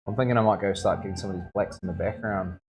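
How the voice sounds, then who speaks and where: A male tattoo artist chats casually on a live stream from his studio, joking and half-mumbling as he focuses on his work. His low voice stays steady and a little mellow but moves very fast, with soft music playing in the background.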